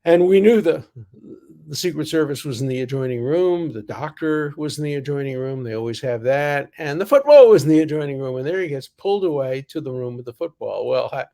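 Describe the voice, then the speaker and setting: Gravelly older man telling a story. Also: on the high side, lively intonation, warm tone. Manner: halting, many fillers and self-corrections. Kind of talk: casual personal storytelling.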